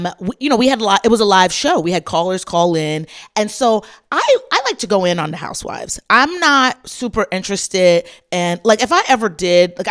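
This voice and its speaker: A woman, hosting a podcast in a sassy, animated, chatty way. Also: on the low side. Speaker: podcast host. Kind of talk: casual chat commentary.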